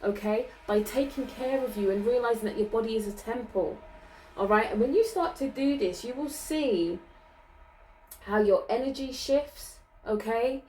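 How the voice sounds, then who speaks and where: Woman, spiritual card reader, gentle reassuring tone, keeps asking "okay?", set back from the mic. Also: on the high side, normal speed, distant mic, a little hiss or hum, rough recording. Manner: tags sentences with "okay?"; gentle, reassuring, laughs often. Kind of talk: channeled tarot reading.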